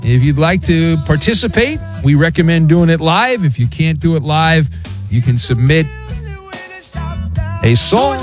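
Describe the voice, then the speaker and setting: A man hosting a talk radio show, brisk and teasing as he reads out listener questions. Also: on the high side. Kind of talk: sports talk radio chat.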